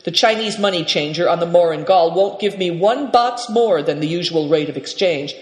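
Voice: medium pitch, moderate pace, close to an everyday voice. A storyteller voicing a shrewd, jovial male trader who bargains with sly courtesy. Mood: sly, genial. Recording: reverberant, echoey room.

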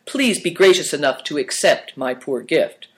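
A man's voice: on the high side, lively intonation, normal speed, lightly acted. A man voicing a commanding, kindly duke. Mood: earnest. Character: noble Mongolian duke, commanding yet kindly.

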